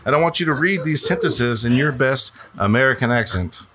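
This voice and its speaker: A man's voice: medium pitch, expressive, brisk, a crowd in the background. A man hosting a podcast in casual joking chat, rambling and stumbling over words with frequent laughter. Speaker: podcast host.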